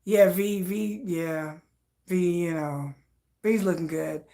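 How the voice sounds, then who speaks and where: A woman's voice: fairly low pitch, slow, dark tone. A woman vlogger chatting casually to her viewers in a playful, joking way, laughing often. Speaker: K-pop news vlogger. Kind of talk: casual chat to camera.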